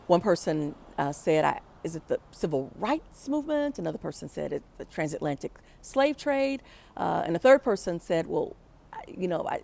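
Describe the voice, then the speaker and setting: A young woman recounts a personal story in a reflective, conversational voice that sits slightly low. She slips into the voices of the people she quotes now and then. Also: creaky, darkish tone.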